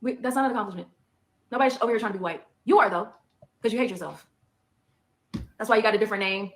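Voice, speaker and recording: A woman's voice: mid-range voice, quick pace, fairly bright tone, a little hiss or hum. A woman in a heated monologue, emphatic and repeating her points for effect.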